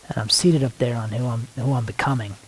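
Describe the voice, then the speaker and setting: A man praying aloud in spontaneous prayer, soft and halting, repeating words as he searches, sometimes dropping to a hushed near-whisper. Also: medium pitch, steady tone, slight background noise, rough recording. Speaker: worship leader praying aloud.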